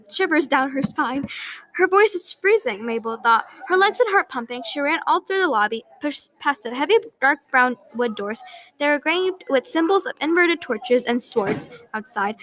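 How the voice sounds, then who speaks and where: A woman's voice: high-pitched, fairly bright tone, rough recording. A woman narrating a story aloud in an earnest way, with small slips and restarts. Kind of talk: storybook reading.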